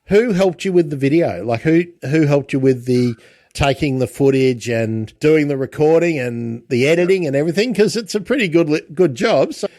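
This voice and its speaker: A man hosting a casual interview, chatty, with lots of halting restarts. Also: a little high, expressive, a little mellow, no echo. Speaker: podcast host.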